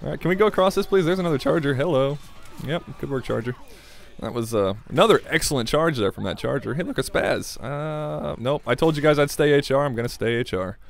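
A man's voice: a little high, fairly quick, vocal fry. A young man giving casual, rambling commentary over a game at his desk late at night, tired and giggly. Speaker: gaming commentator. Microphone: desk microphone.

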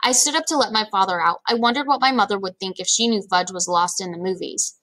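Bright-voiced woman reading a kids' book. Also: medium pitch, rough recording. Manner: lively storytelling, quick voice shifts for characters. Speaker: reader of a children's novel. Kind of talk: reading a children's book aloud.

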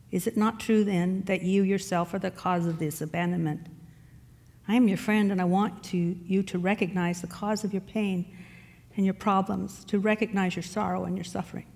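A woman voicing a calm, wise male sage who speaks in a soothing, gently questioning way. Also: mid-range voice, vocal fry. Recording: long reverb in a large hall.

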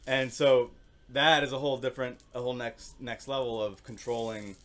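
A man teaching orchestral percussion, explaining calmly with many fillers and singing rhythms on syllables. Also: mid-range voice, moderate pace. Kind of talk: instructional demonstration.

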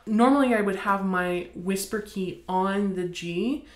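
An American woman teaching bassoon, explaining in a friendly way and counting beats aloud. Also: unhurried, soft background music. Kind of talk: instructional demonstration. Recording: echoey room.

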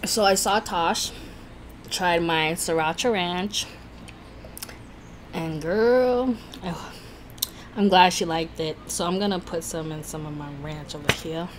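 Woman mukbang host, low voice, unhurried chat, faint hiss. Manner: chatty, laughs often, self-conscious about talking fast. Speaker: food vlogger host.

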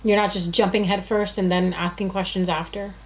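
A woman's voice: mid-range voice, level tone, fairly quick. Chatty woman doing a tarot reading. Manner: chatty, laughs at herself, talks to the cards. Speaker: tarot reader. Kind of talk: casual tarot reading chat.

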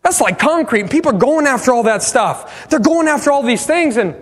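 A man preaching a sermon as pastor, passionate, swinging from loud bursts to hushed pleas. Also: very high-pitched, animated, a little fast, long reverb tail. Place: church sanctuary.

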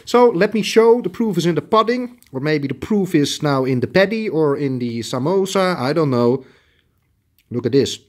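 A man's voice: a little high, lively intonation, normal speed. A middle-aged man with a Dutch accent, a tailoring shop owner chatting bluntly as he shows fabrics to the camera. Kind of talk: casual product showcase.

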